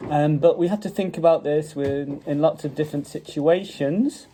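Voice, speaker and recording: A man teaches English phonics in his home dining room, with children around, stretching out and repeating vowel sounds patiently in a Staffordshire Midlands accent. His fairly high, dark-toned voice moves at normal speed, and the low-quality mobile phone recording, propped on the table, carries some hiss or hum.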